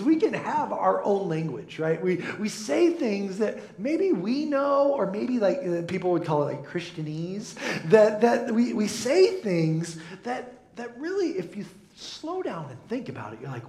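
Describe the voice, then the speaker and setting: Male pastor, slightly high and gravelly, lively joking sermon delivery, echoey church room. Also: normal speed, few pauses. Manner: jokey, animated, mimics voices, frequent laughs. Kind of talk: humorous sermon.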